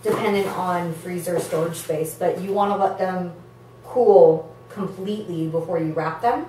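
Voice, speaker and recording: A woman's voice: fairly low pitch, normal speed, dark tone, a little hiss or hum. A woman casually explaining cooking steps in a practical, matter-of-fact way. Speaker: home cook explaining the recipe. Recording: very echoey, distant from the mic.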